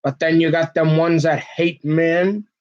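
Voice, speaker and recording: A man from Minnesota in a rambling, folksy comic rant, who keeps dropping into a mock-deep voice. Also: flat delivery, unhurried, darkish tone, highs cut off. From Minnesota, USA. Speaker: vlogger.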